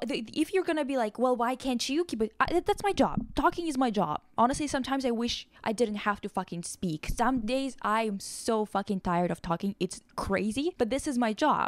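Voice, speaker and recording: A woman's voice: fairly high pitch, no room sound. A young woman vlogger giving a blunt, profane, exasperated rant about pop culture. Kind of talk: casual ranting commentary.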